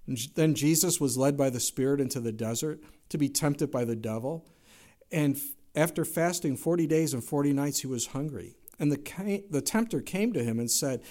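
A man's voice: medium pitch, dark tone. A man preaching a sermon, emphatic, with rhetorical questions and rising exclamations. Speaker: pastor.

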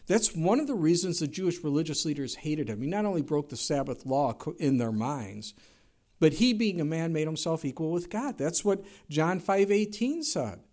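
Male pastor, fairly high-pitched, emphatic sermon delivery with rhetorical questions. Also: sing-song, moderate pace, darkish tone. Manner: emphatic preaching with rising exclamations and rhetorical questions.

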